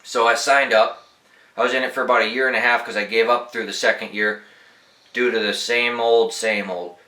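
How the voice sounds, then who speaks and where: A young man tells casual, rambling anecdotes, swearing freely in a relaxed way. His voice sounds bright and forward. The room around him is echoey. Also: mid-range voice, moderate pace. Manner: laid-back, profane, rambling anecdotes. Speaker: podcast host. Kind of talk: casual storytelling.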